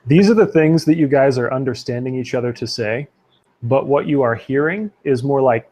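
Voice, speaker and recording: A man's voice: medium pitch, normal speed, a little mellow. A man narrating a tabletop role-playing game as game master, loose and chatty, with fillers and laughs.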